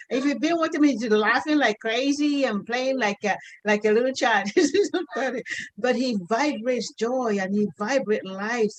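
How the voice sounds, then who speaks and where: A middle-aged woman, a mother, telling a heartfelt personal story in an earnest, halting way, often restarting her sentences. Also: a little high, dry recording, low-quality recording. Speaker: mother sharing a testimony.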